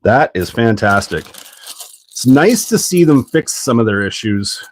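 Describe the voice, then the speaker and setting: A chatty man hosting a hobby livestream, with a middle-pitched, ordinary speaking voice. He rambles, thinks out loud and laughs easily. The sound is dry and close to the mic, with no room echo. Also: sing-song, measured pace. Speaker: livestream host building an RC kit. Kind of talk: casual livestream chat.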